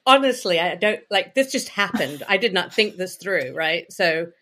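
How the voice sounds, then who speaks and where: A woman who works as an intimacy coach is a guest on an interview, telling personal stories in a frank, chatty way packed with "you know" and "like." Her voice is low-pitched, bright and forceful, animated and delivered at normal speed.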